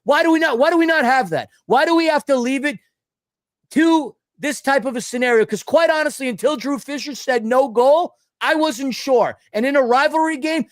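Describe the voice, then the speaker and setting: A man's voice: very high-pitched, no echo, studio quality. A man co-hosting a casual sports podcast, rambling and ranting, often stumbling over his words. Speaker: podcast co-host.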